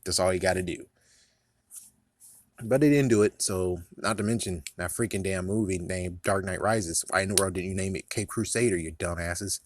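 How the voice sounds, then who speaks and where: A man's voice: low voice, normal speed, a little hiss or hum. A man in casual movie commentary, rambling, swearing and laughing at his own jokes. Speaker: vlogger.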